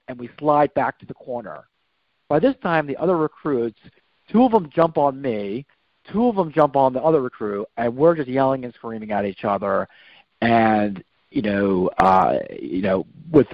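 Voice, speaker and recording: Guesting on a podcast, a mid-range male voice wanders through a personal tale, frequently correcting himself along the way; the dry, slightly dull recording carries no room sound.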